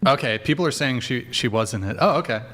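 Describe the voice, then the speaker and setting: A man hosting a live talk stream, cutting in with quick, probing follow-up questions. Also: mid-range voice, animated, a bit bright. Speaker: host.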